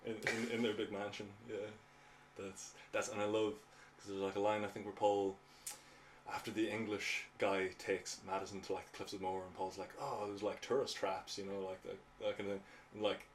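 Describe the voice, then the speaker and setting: A man's voice: on the low side, little pitch movement, fairly quick, slight background noise. An Irish man co-hosting a podcast, speaking in an easygoing way, agreeing often and leaning on fillers. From Ireland. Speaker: podcast co-host. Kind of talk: casual chat.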